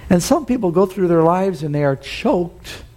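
A man's voice: high-pitched, expressive, moderate pace, warm tone. A male pastor preaching a sermon, telling folksy stories and building to emphatic points. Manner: folksy storytelling with rising emphasis.

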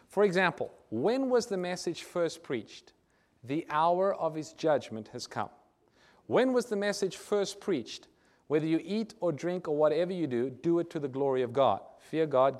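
A man delivers a sermon in a fairly high voice. He reads scripture aloud, turns often to question his listeners, and booms out the key phrases. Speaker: preacher.

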